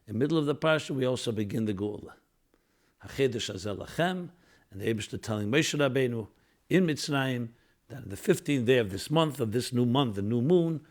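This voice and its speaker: A man giving an earnest Torah lecture, weaving Hebrew and Yiddish terms into English and rising in emphasis on key points. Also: mid-range voice. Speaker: rabbi lecturer.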